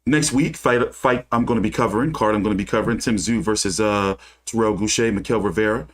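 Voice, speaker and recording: A man's voice: lowish voice, fast talker. A man hosting a casual boxing livestream, reading news aloud and breaking into heated, profane rants. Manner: reads news aloud then rants with cursing. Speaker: boxing channel host.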